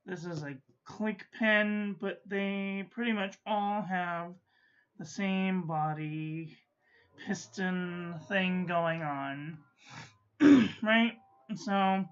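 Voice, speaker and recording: A woman hosting a casual live-streamed ink review, chatting to viewers and often clearing her throat. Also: lowish voice, extremely slow, dull audio. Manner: chatty, frequent throat-clearing, drops to mutters.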